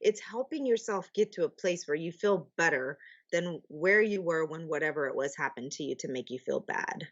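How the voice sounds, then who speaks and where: A woman's voice: sits low, animated, moderate pace, muffled recording. A woman guest in a candid podcast chat, chatty and laughing, with many restarts. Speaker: guest, publisher.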